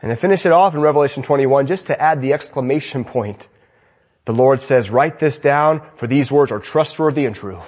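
A man preaching a sermon with fervent energy, swinging between loud exclamations and hushed lines. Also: medium pitch, fairly quick.

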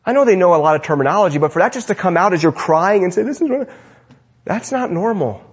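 A man giving a sermon to his congregation in a church, preaching with animated swings between emphatic and hushed lines. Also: high voice, quick pace, husky. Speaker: pastor. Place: church sanctuary.

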